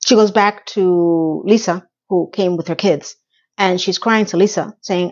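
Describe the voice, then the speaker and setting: A woman recapping a TV episode in a casual chat, talking in a lively way with quick asides and questions to her viewers. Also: on the low side, highs cut off. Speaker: TV recap reviewer.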